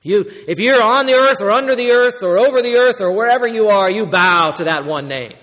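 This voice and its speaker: Pastor, male, high voice, emphatic sermon delivery, long hall reverb. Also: animated, fairly quick. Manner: emphatic, swings between loud and quiet.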